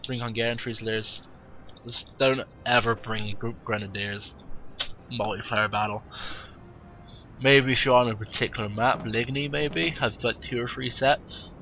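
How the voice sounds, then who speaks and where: A man with a cold, casually commentating a game replay in a warm room at home with wry, rambling asides. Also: medium pitch, steady tone, measured pace, dull audio, a little hiss or hum. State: has a cold, sniffly.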